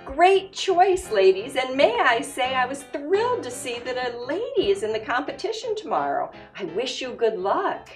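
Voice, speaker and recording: A woman's voice: high voice, sing-song, moderate pace, few pauses, reverberant, over music. A woman playing a friendly frontier saloon owner with a welcoming manner.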